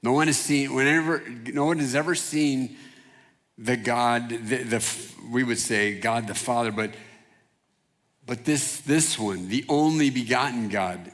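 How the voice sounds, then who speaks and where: Male pastor, mid-pitched, casual animated preaching, long hall reverb. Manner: casual and animated, acts out quotes in voices. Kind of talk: sermon. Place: church hall.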